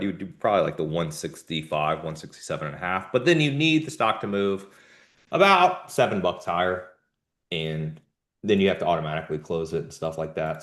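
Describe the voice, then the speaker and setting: A man hosting a live trading show, giving casual market commentary in jumpy bursts with slangy asides. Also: deep voice. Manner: animated, jumpy delivery with sudden emphatic bursts.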